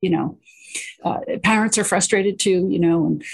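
A middle-aged woman and parent, guesting on an interview show and talking in an animated storytelling way, full of "you know" and restarts. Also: on the low side, moderate pace, creaky, slightly rough. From United States. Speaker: guest, children's book author and parent. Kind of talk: casual interview chat.

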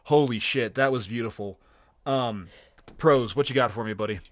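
A man's voice: medium pitch, normal speed, dry recording. Man on a podcast, dry close sound. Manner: laughing, swearing, fond. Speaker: podcast co-host. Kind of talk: casual chat.

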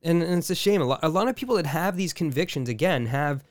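A man's voice: fairly high pitch, expressive, quick pace, dry recording, clean studio sound. A man co-hosting a casual podcast, exasperated and rambling, restarting sentences and swearing often. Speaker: podcast co-host.

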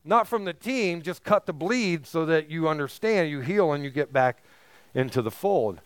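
Emphatic high-voiced male preacher. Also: lively intonation, moderate pace, clear, resonant tone, no room sound. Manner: emphatic preaching, rising to near-shouts on key phrases. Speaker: pastor. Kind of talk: sermon.

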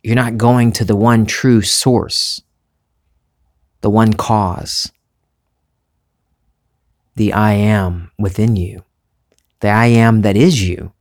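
Brief: man, mild Southern accent, lowish voice, musing spiritual vlogger, unhurried. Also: fairly even intonation. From Southern United States. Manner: musing, unhurried, restarts phrases, laughs easily. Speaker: spiritual vlogger, former reporter. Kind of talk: reflective spiritual monologue.

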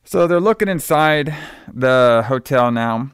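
A man's voice: medium pitch, lively intonation, slow, clear, resonant tone, no room sound, studio quality. A man on a podcast recapping a movie in casual chat, rambling and repeating words as he acts out bits of dialogue. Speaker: podcast co-host.

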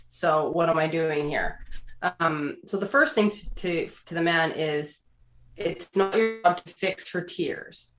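Low-voiced woman counselor in an echoey room. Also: fairly bright tone. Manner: earnest and explanatory, acts out quoted phrases. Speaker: guest counselor giving relationship advice. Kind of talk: casual podcast conversation. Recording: roomy echo.

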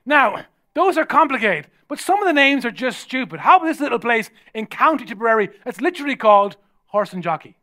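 Irish pastor with a high, bright voice. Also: male voice, fairly quick. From Ireland. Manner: humorous, energetic preaching with jokes and rising shouts. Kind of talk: sermon.

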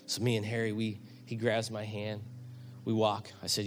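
A middle-aged man pastor preaching a sermon, telling a story that builds to loud, animated peaks. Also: fairly low pitch, fairly quick.

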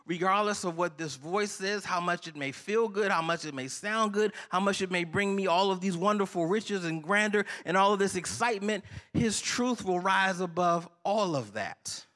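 A male pastor delivering a sermon in a high, bright voice. He keeps prompting his listeners with half-finished questions for them to answer back. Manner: preachy call-and-response, asks the congregation to finish lines.

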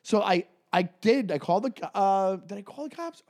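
A man's voice: high voice, normal speed. A man, co-hosting a podcast and telling a story in casual chat, acting out the people he quotes. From New York. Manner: animated, acts out quoted voices loudly. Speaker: podcast co-host.

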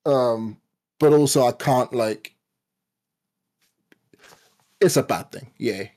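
Male podcast co-host, twenties, mid pitch, casual and halting, lots of stammered restarts. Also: a little mellow. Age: 20s. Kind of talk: casual personal chat.

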